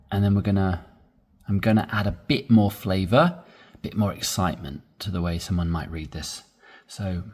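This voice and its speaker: Brief: male English teacher, husky tone, unhurried delivery, patient and encouraging. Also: lowish voice, darkish tone. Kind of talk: spoken English lesson.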